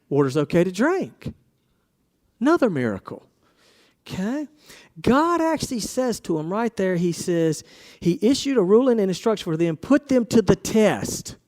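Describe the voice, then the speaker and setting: A man's voice: sits high, a little mellow. A man preaching a casual sermon, asking his congregation questions and acting out quoted voices.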